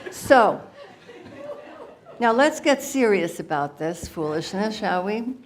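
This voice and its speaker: A woman's voice: medium pitch, lively intonation, slow, some chatter behind, a little hiss or hum. A woman putting on a brash jokey lady guru. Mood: jovial. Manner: boisterous, jokey, laughing between lines. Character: playful brash female guru alter ego.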